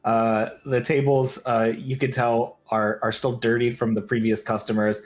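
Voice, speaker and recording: A man's voice: medium pitch, level tone, moderate pace. Casual rambling male game master. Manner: casual, rambling, full of "like" fillers. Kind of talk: narrating a tabletop game.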